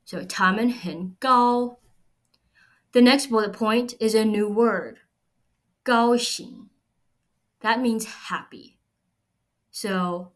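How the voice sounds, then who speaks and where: A woman explaining a recorded language lesson patiently, step by step. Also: mid-range voice. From United States. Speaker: Chinese language teacher.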